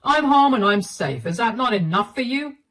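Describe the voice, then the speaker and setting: A cold, curt husband who brushes off his wife's distress with flat condescension, as a woman reads him. The voice sits a little higher than usual, with lively shifts in pitch. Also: moderate pace. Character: cold dismissive middle-aged husband. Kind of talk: storytelling dialogue.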